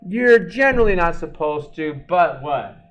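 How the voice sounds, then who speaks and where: A man lecturing on accounting to a class. He is animated and asks the class questions, then answers them himself. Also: a little high, measured pace, faint music behind. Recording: echoey classroom, mic far off.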